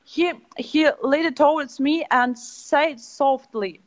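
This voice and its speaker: High earnest girl with a put-on Swedish accent, as a woman puts her on. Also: takes it slowly. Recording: dull phone-call audio.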